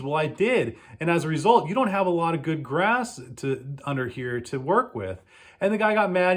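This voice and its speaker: A man who runs a lawn care business, giving casual advice and telling animated stories in which he acts out both sides of the exchanges. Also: fairly high pitch, normal speed.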